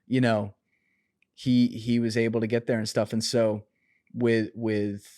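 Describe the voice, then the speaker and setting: A man in his twenties, a podcast guest, telling a story in a casual, animated way, full of swearing and fillers. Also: lowish voice, measured pace, no echo, clean studio sound. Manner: animated, profane, filler-heavy.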